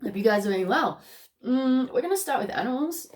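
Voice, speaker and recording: A woman's voice: sits high, expressive, a little fast, a little mellow. An Australian woman with a cough, giving a casual, bubbly spiritual card reading full of slang and laughter. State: has a cough. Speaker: tarot card reader.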